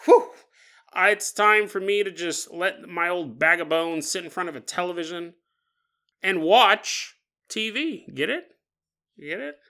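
A calm, folksy old shopkeeper who jokes at his own expense, as a podcast host puts him on. The voice stays bright and slides up and down in pitch, with an easy, unhurried manner. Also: exaggerated voice. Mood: calm, amused. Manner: calm, folksy, self-mocking. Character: calm, jokey old male watch-shop owner.

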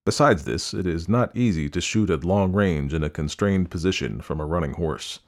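A man with a very low, deep voice reads a story aloud like an audiobook. His delivery is measured and descriptive, keeping a steady narrating tone.

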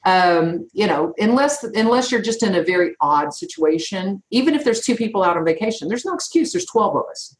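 A woman's voice: medium pitch, lively intonation, a little fast, few pauses, a little hiss or hum. A middle-aged woman who owns an insurance agency, talking firmly and directly in an interview. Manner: firm, emphatic, direct. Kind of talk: conversational interview answers. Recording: roomy echo.

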